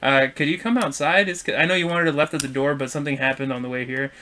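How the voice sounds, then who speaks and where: A young man co-hosting a podcast, telling a story in a loose, animated way, swearing and acting out what people said. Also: fairly high pitch, fast, a little hiss or hum. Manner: animated, swearing, acts out quotes. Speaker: podcast co-host. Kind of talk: casual storytelling chat.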